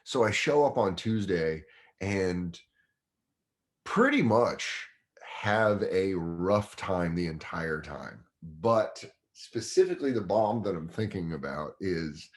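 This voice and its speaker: A man with a low-pitched voice tells a casual story as a guest comedian, swearing freely. His delivery swings widely up and down in pitch as he acts out the other people in the story. He sounds like a man in his thirties.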